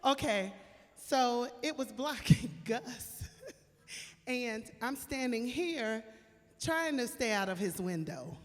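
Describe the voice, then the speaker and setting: A woman's voice: on the high side, lively intonation, slow. A woman singer telling a chatty story from a club stage into a handheld microphone, laughing as she goes. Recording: live room with long reverb and music behind. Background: live band music.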